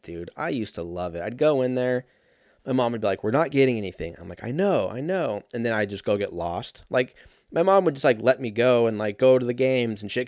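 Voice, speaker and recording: A man in his thirties rambles through a casual solo commentary, sarcastic and heavy on swearing. His voice sits at an ordinary middle pitch and sounds dry and close, with no room around it. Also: dry recording. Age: 30s. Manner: laughs at his own jokes.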